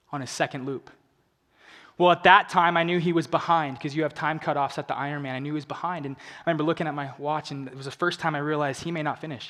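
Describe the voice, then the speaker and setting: A young man giving an inspirational stage talk. He tells a personal story earnestly, dropping to hushed emotional lows and rising to urgent appeals. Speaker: motivational speaker. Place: large event hall on stage. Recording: long reverb of a large hall.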